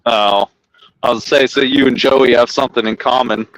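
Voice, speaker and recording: On a casual podcast, a man tells a work story with plenty of swearing, loudly acting out the people in it. His medium-pitched voice is fairly quick, and the rough recording has no room sound.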